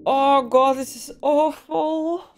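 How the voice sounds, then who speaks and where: A woman's voice: sits high, steady tone, takes it slowly, soft background music. A young woman giving a first-time movie reaction, emotional and given to gasps and exclamations.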